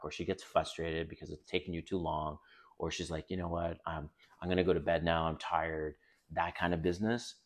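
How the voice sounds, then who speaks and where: A middle-aged man hosting a dating advice video, talking bluntly and casually to camera, swearing now and then and calling his viewers guys. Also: low voice.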